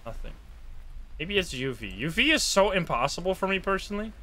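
Guy streaming a ghost game, bright tense voice, swings up and down a lot, swears at the screen. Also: high-pitched, brisk. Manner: excitable, swears, talks to chat. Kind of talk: live gameplay commentary.

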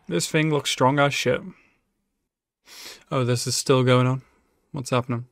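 A man's voice: mid-range voice, steady tone, a little slow, creaky, no room sound, clean studio sound. A man giving emotional live reaction commentary on an anime, swearing freely and talking back to the screen. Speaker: anime reaction channel host.

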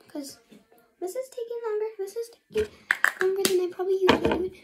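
A young female vlogger talking casually through her bedtime skincare routine, rambling and often half-whispering to herself. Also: very high-pitched. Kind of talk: casual get-ready-with-me vlog.

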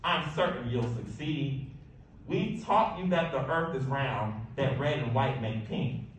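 A man's voice: mid-range voice, lively intonation, measured pace, recorded from a distance, lightly acted. Man reading as an upbeat, reassuring schoolteacher lady. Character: cheerful, confident female schoolteacher. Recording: echoey room, voice off-mic, faint hiss.

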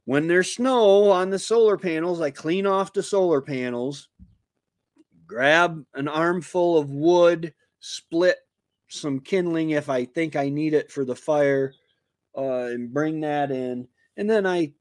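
Man, homestead streamer, slow and halting, mid-pitched, dry close sound. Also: no echo. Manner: halting, many fillers and restarts, self-deprecating. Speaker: homesteading livestream host. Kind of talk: casual rambling chat.

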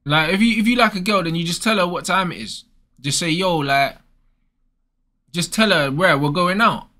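A man's voice: sits high, normal speed, pushed and bright. A young man, ranting casually and bluntly with lots of slang as host. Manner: blunt, slangy, repeats "bro" and "bruv". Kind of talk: casual advice rant.

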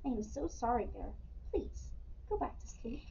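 A woman voicing a small, excitable ladybug who cries out in a storybook read-aloud. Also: on the high side, normal speed, creaky. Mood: excited. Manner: crying out, apologetic. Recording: muffled, distant mic with faint ambience.

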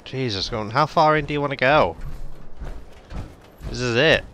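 A man's voice: mid-range voice, normal speed, fairly bright tone, slight background noise. A man giving jokey, sarcastic, sweary commentary while playing a game. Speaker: gaming video host. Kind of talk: let's play commentary.

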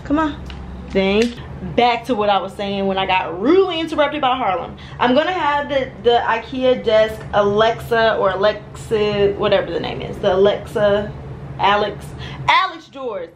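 A young woman in her twenties chatting casually to her viewers at home, filled with "like" and quick asides. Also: mid-range voice, a little hiss or hum, poor audio. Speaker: vlogger. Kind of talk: casual home vlog chat. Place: at home, indoors.

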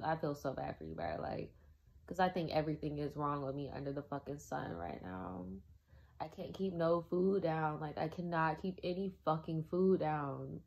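A young woman, sick and exhausted, recording a video diary as an emotional, profane rant. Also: deep voice. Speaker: vlogger.

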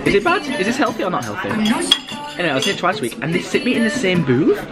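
A young man chatting casually in a vlog, bubbly and jokey, laughing often and jumping up into high squeals. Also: very animated, very fast, over loud music. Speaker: vlogger.

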